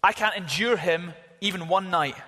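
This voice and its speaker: A preacher putting on an indignant old rabbi. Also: male voice, high-pitched, normal speed, bright, forceful tone, in a large hall. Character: devout old male rabbi, quick to anger.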